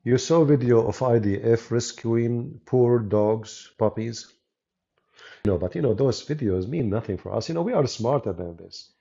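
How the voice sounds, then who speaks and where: A man with an Arabic accent, whose first language is Arabic, delivers sarcastic live-stream commentary in a gravelly, mellow voice. He mocks as he talks, in his role as a debater and channel host. The recording sounds dull and lo-fi. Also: medium pitch, a little slow. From Arab world. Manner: mocking, sarcastic. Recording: dull lo-fi audio.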